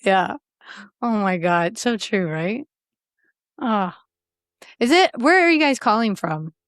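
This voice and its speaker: A middle-aged woman comedian, a guest on a call-in chat, telling stories in an animated way and laughing often. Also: medium pitch, takes it slowly, dry recording, clean studio sound. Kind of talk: casual podcast chat.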